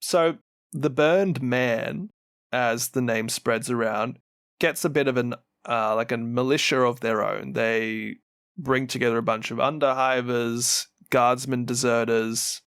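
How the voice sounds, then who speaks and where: A man co-hosting a podcast, retelling game lore in casual, animated chat and laughing often. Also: medium pitch, unhurried, clear, resonant tone, no echo, studio quality. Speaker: podcast co-host.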